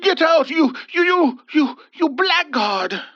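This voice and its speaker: A man voicing a gentle, doting old husband who is stubborn, with a soft cooing manner. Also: very high-pitched, sing-song, slow pace, no room sound, voice pushed up, full character voice. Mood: enraged. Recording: dull dry lo-fi voice.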